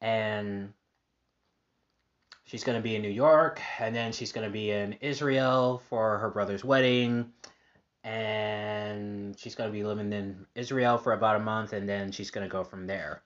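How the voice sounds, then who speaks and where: A man talks through his week in a casual podcast monologue, upbeat and rambling, with plenty of fillers and restarts. His voice sits a bit low. The recording sounds dull and lo-fi. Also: steady tone, a little slow, a bit bright. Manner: upbeat, positive. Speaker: podcast host.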